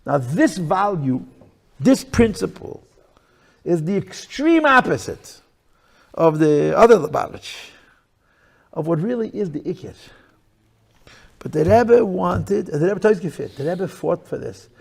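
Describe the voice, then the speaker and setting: A man speaking as a rabbi, lecturing to listeners in a room, emphatic and repetitive, swinging between loud bursts and hushed lines. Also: high-pitched, very animated, measured pace, gravelly, pauses often, slightly rough. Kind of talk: lecture to a live audience.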